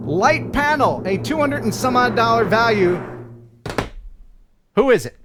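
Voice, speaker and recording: A man's voice: extremely high pitch, lively intonation, unhurried, long pauses, over music. A man hosting a live stream, chatting casually and joking, often laughing. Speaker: host.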